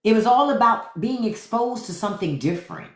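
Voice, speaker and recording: A woman's voice: on the high side, expressive, a little fast, roomy sound. A woman host giving blunt, profane commentary to livestream viewers, repeating her points. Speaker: podcast host.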